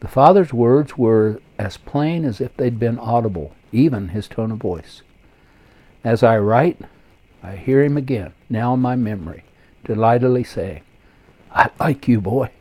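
A man's voice: mid-range voice, unhurried, dark tone. An older man, a pastor, reading his own memoir aloud in an earnest, reflective way.

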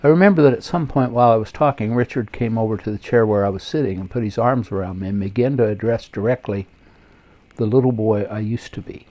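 A man's voice: on the low side, mellow. An older man, a pastor, reading his own memoir aloud in an earnest, reflective way.

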